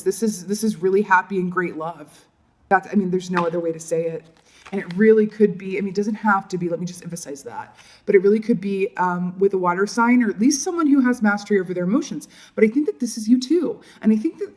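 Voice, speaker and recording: A woman giving a casual tarot reading, chatty and laughing often, checking in with her listeners with "right?" and "you know". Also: medium pitch. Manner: laughs often while talking. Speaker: tarot reader.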